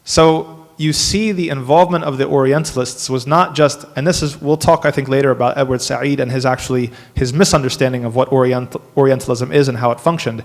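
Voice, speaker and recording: A man, an imam, giving a workshop lecture to a live audience, animated and dropping wry asides. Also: mid-range voice, fairly quick, few pauses. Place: mosque hall. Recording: long hall reverb.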